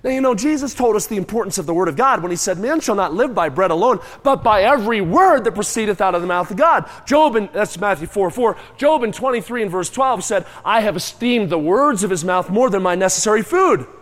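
A man with a high, bright pitch preaches a lively sermon, mooing and chewing aloud for effect and calling on his listeners to answer back. His voice rings out with a long reverb, as from a church sanctuary. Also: a little fast, few pauses. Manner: animated, moos and chews aloud, calls on the crowd.

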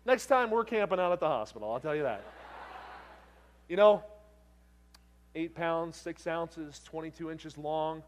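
A middle-aged man preaching a sermon, telling a story with acted-out voices that swing from loud bursts to hushed, tender moments. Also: fairly high pitch, unhurried, long pauses, a little hiss or hum.

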